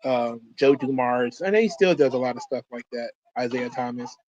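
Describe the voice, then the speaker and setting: A man's voice: medium pitch, moderate pace, darkish tone, dry recording, muffled recording. A man hosting a wrestling watch-along, talking in a loose, rambling way with frequent swearing. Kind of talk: casual commentary.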